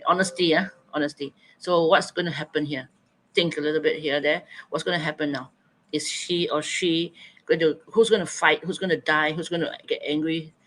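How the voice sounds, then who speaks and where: A man leads an online writing lesson, prompting students to answer in the chat. He thinks out loud and reads their suggestions back to them. His voice sits a little high for a man. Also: steady tone, moderate pace, poor audio. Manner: coaxing, thinking aloud, repeating students' answers. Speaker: teacher.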